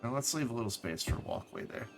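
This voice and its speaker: A man's voice: medium pitch, very animated, quick pace, creaky, soft background music. A man thinking aloud as he plays a city-building game on a live stream, correcting himself as he goes, tired and with the hiccups. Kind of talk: casual gameplay commentary.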